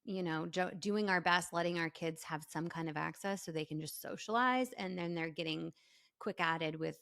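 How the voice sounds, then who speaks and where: A woman's voice: lowish voice, moderate pace, vocal fry, a bit bright. A woman hosting a conversational podcast interview, speaking earnestly about child safety and affirming her guest often. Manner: earnest, advocacy-minded, affirming with frequent mm-hmms. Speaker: podcast host.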